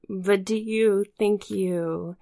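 A woman in a comedy sketch, playful and teasing, delivering slow punchlines. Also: medium pitch, animated, creaky. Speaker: support group guest.

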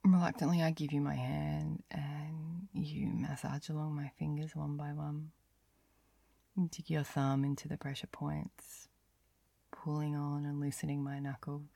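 A woman narrating an intimate first-person story as a whispered role-play, breathy and sighing, lingering over each phrase. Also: sits low, flat delivery, unhurried, dark tone, dry recording. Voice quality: breathy whisper with frequent sighs.

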